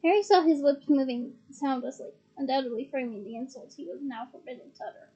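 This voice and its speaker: A woman's voice: high-pitched, a little fast, few pauses, warm tone, slightly rough, dull audio. A woman reading a fantasy novel aloud, narrating steadily and with expression. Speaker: reader.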